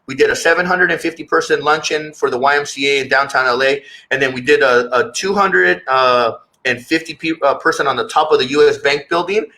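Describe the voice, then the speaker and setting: A man's voice: mid-range voice, brisk, few pauses, pushed and bright, low-quality recording. A man speaking as a guest in a candid interview, earnest and reflective, often repeating words as he searches for his thoughts.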